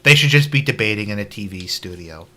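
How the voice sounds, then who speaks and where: Blunt, bright-voiced male streamer. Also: on the low side, expressive, brisk. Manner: blunt, offhand, profane asides. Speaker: streamer commenting on a debate. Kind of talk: casual live commentary.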